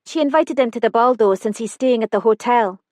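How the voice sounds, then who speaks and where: A woman voicing a brisk, polite young female hotel receptionist with a Scottish accent touched with Irish, in an audiobook. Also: a little high, darkish tone, no echo, studio quality, voice pushed up, close to an everyday voice. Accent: Scottish with a trace of Irish.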